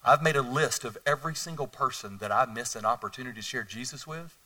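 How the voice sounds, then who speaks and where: A middle-aged man preaching a sermon as a pastor, telling stories animatedly and swinging between hushed and loud delivery. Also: mid-range voice, fast talker, distant mic.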